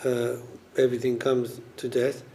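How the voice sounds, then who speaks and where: A man's voice: mid-range voice, monotone, normal speed, warm tone, slight background noise. A man leading a scripture study group, explaining verses casually with many fillers. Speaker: class leader.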